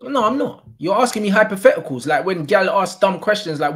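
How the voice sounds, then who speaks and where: A man's voice: high voice, animated, brisk, a bit bright. Blunt, swearing man in a heated debate. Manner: blunt, teasing, swears casually. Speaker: host.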